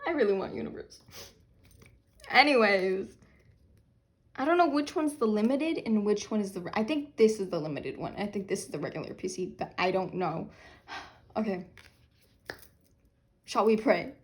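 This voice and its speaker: Excitable young woman, lively pitch. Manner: excitable, squealing and laughing. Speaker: vlogger unboxing albums. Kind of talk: casual unboxing chat.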